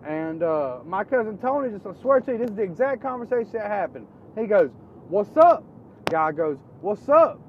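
A man's voice: high voice, a little fast, hardly any pauses, highs cut off, a little hiss or hum. Rambling Florida man spinning yarns. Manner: rambling, animated, quotes people in a raised voice. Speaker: storyteller. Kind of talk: casual storytelling.

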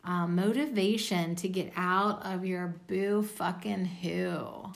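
A woman's voice: fairly low pitch, fairly even intonation, slow pace, creaky. A tired woman giving a casual oracle card reading, blunt and self-mocking, with the odd swear.

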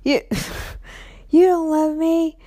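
A woman voicing her angry young boyfriend as he yells accusations at her. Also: extremely high pitch, little pitch movement, very slow, no echo, clean studio sound, pitched above the performer's own voice, exaggerated voice. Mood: accusing. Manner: shouting accusations.

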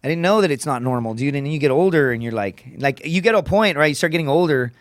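A man in his thirties tells personal stories as a podcast guest, swearing freely and checking in with "right?" after his points. His voice sits a little high for a man. The recording is dry and close. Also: lively intonation, fast, dry recording. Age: 30s. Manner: profane, tags sentences with "right?". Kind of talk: casual storytelling.

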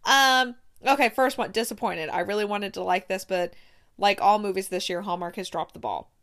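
A woman hosting a casual movie recap, chatty and animated, with exaggerated outbursts. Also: medium pitch, moderate pace. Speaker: movie review host.

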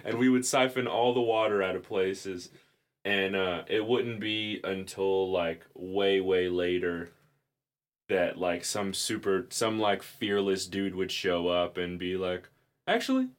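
A man's voice: low-pitched, fairly even intonation, slow. A man hosting a podcast, chatting casually, rambling and laughing as he explains clips. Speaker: podcast host. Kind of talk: casual chat.

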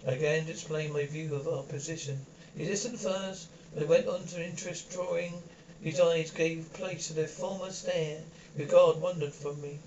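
A man narrates a novel in the first person, stumbling and restarting words as he reads. His voice sits somewhat high. The recording is dull and lo-fi, with a faint hiss. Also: steady tone, darkish tone. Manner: halting reading with frequent slips and restarts. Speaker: audiobook narrator.

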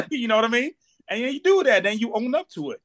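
A man's voice: very high-pitched, very animated, fairly quick, fairly bright tone. A man co-hosting a podcast, talking casually in an emphatic, slangy way. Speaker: podcast co-host.

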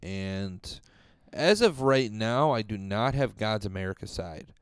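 A man with a lowish, smooth, clear voice chats casually on a music podcast. He rambles and swears, and his pitch jumps up when he gets excited. The sound is dry and close, with no room echo. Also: measured pace. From Rochester, New York. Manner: rambling, profane, animated swings in pitch. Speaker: podcast co-host. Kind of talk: casual chat.

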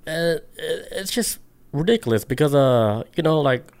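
A man's voice: a little high, animated, normal speed, creaky, darkish tone, clean tone. A man co-hosting a podcast, rambling in a laid-back way with lots of fillers. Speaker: podcast co-host. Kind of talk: casual podcast chat.

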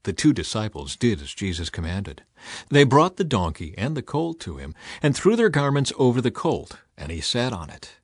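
A man reads scripture aloud, his pitch rising and falling with lively expression. The recording is dry and close, with no room sound, and his voice sits at an average pitch. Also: moderate pace, slightly rough, no echo. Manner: expressive reading with a lively rise and fall. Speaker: scripture reader. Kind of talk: dramatized scripture reading.

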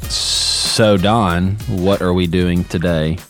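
A man hosting a podcast, chatting casually and teasing his co-host with quick jokes. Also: deep voice, steady tone, a bit bright, soft background music. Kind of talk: casual chat.

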